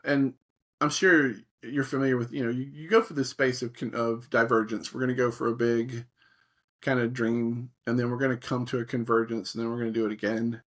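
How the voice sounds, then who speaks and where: Middle-aged male guest, mid-pitched, lively storyteller who voices quoted reactions. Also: fairly quick. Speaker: guest, creativity facilitator. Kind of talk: conversational interview.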